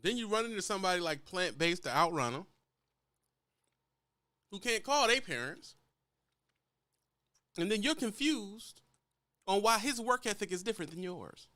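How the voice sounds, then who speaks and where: Lively, forceful trucker man lecturing. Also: high voice, moderate pace, pauses often, dry recording. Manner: blunt, lecturing, profane. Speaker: truck driver giving advice. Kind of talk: casual ranting vlog.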